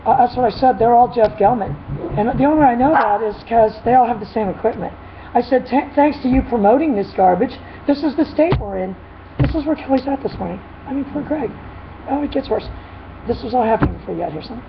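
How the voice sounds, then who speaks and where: A woman dog trainer chatting casually in a vlog, retelling a dispute in an animated, rambling way with frequent laughs. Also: a little high, fast. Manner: animated storytelling, laughs often. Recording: dull lo-fi with faint noise.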